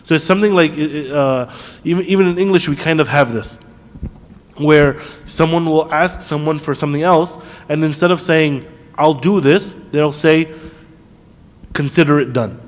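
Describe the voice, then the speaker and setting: A man teaching a class on Quran commentary, asking the class questions and quickly reciting Arabic verses. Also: a little high, in a large hall. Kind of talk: classroom lesson. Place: mosque classroom.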